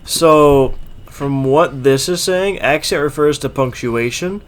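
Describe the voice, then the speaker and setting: A man's voice: a little high, slow pace. A man from Florida co-hosting a casual comedy podcast, chatty and full of fillers as he explains. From Florida, United States. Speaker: podcast co-host.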